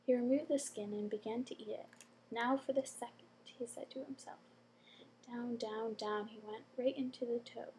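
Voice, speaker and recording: A woman reading a bedtime story aloud with gentle expression and soft whispered asides. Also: on the high side, steady tone, moderate pace, slight background noise, rough recording.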